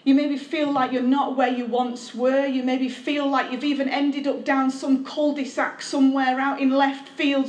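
A woman, a pastor giving a candid, conversational testimony sermon with self-deprecating humor. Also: sits high. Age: 30s. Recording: echoey room.

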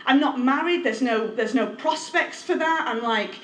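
A woman's voice: high-pitched, normal speed. A woman, a pastor giving a candid, conversational testimony sermon with self-deprecating humor. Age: 30s. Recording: echoey room.

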